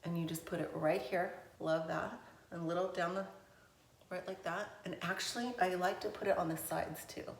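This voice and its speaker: A woman's voice: on the low side, fairly even intonation, normal speed, gravelly, roomy sound, a little hiss or hum. A woman chatting through a makeup tutorial in a gushing, enthusiastic way. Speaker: beauty vlogger. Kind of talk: casual makeup tutorial chat.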